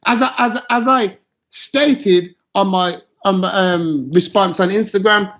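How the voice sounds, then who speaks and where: A high-voiced man rants with passion, dropping into patois as he builds his case. The recording is muffled and lo-fi. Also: measured pace, a bit bright. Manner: passionate, ranting, slips into patois. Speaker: show host. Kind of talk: heated opinion chat. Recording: dull lo-fi sound.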